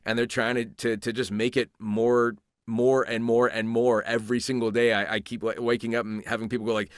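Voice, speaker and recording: A man who is a voice actor, chatting as an interview guest and telling animated stories with many restarts. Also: medium pitch, a little fast, clean tone, no room sound, clean studio sound. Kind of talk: casual interview chat.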